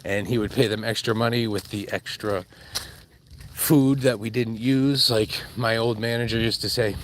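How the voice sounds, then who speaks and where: A man's voice: on the low side, steady tone, normal speed, fairly bright tone, a little hiss or hum. A man vlogging on a dog walk, rambling and joking, laughing at himself as he talks. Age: adult with kids. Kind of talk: casual walk-and-talk monologue.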